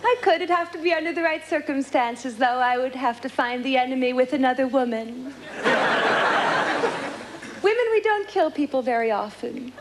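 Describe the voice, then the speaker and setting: A woman's voice: sits high, moderate pace. A woman doing a wry, confiding stand-up routine. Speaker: stand-up comedian. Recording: audience laughter and hiss on old tape.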